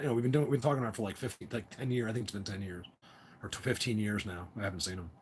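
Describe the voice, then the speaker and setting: A man's voice: fairly low pitch, rapid-fire, a little hiss or hum. A middle-aged man hosting a casual livestream chat, rambling and laughing often as he reads viewer comments. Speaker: livestream host.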